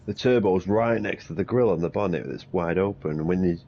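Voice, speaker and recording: A man rambling excitedly and swearing in casual chat. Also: low voice, fairly quick. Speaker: car enthusiast. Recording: dull lo-fi audio with faint noise.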